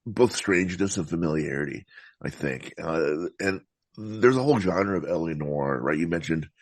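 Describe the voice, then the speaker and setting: Man, very low voice, dry close sound, thoughtful rambling podcast guest, stops and restarts a lot. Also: lively intonation, no room sound. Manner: thoughtful, meandering, halting with restarts. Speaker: podcast guest, film critic. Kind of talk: casual film discussion.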